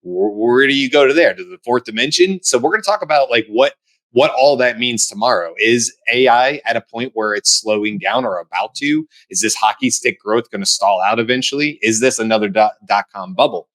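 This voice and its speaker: A middle-aged American man co-hosting a casual panel discussion, animated and acting out quoted voices. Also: mid-range voice, brisk. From United States. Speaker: co-host.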